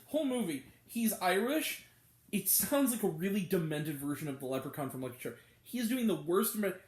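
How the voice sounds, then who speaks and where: A man's voice: sits high, roomy sound. A man giving a blunt, exasperated, profane movie review as host of his own show. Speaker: film reviewer.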